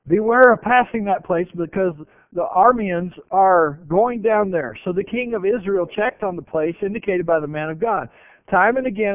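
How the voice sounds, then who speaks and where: A man preaching a sermon and retelling scripture with animated voices. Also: high voice, no echo. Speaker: pastor. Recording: tinny phone-like radio broadcast.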